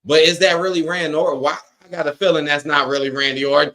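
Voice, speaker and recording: A man's voice: a little high, flat delivery, fast, few pauses, bright, forceful tone. A man, ranting with frustration and profanity while reacting live on a watch-along stream and reading chat aloud.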